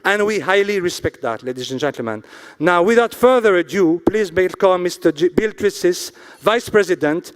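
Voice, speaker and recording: A man hosting an awards ceremony in a hotel event hall. He reads out sponsors slowly and drops jokes between them. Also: high voice, expressive. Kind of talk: emcee announcing and joking on stage.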